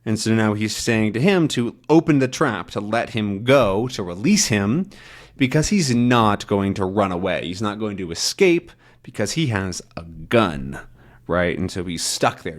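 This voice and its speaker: A man teaching English by reading a comic aloud, explaining words in a chatty, animated way. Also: fairly low pitch. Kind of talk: comic read-along lesson.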